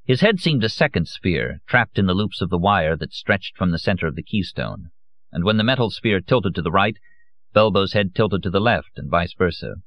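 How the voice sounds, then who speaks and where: Man, very low voice, measured grave audiobook narration, slightly muffled audio. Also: very animated, dry recording.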